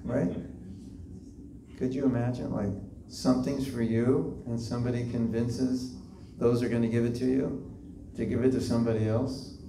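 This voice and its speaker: Speaking at normal speed in a warm, level mid-range voice, a man leads a temple class with a devotional lecture. He keeps it conversational, full of fillers and questions to the group. The hall echoes, his voice sounds far off, and there's faint noise.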